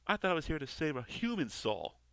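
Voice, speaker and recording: A loud, brash fallen angel with a sneering, worn-out manner, as a man puts him on. He jumps between gruff griping and piercing high screams. The voice is bright and forceful, recorded close and dry. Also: very animated, brisk, no echo. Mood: sarcastic. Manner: screams in bursts, sarcastic. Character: brash washed-up male guardian angel, shouting comic.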